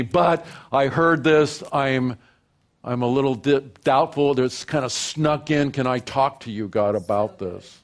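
A male pastor preaching a sermon, swinging from quiet reflective talk to loud, high, animated passages where he acts out imagined prayers. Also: measured pace.

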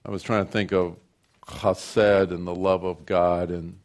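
An older man, a grandfather, preaching a sermon, moving from loud declarations to hushed, folksy storytelling. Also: deep voice, little pitch movement, a little slow. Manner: folksy, repeats and restarts phrases. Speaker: pastor.

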